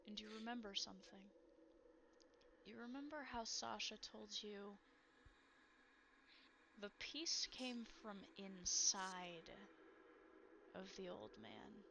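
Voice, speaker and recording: A woman narrating a tabletop game as game master, in a measured, atmospheric way. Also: medium pitch, sharp tone, highs cut off, slight background noise.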